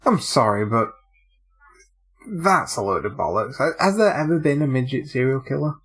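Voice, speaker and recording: A man on a podcast, answering in an easygoing, dry way. His voice is gravelly with plenty of fry, at a middling pitch. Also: big pitch swings, normal speed, fairly bright tone, soft background music. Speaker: podcast co-host. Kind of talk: casual chat.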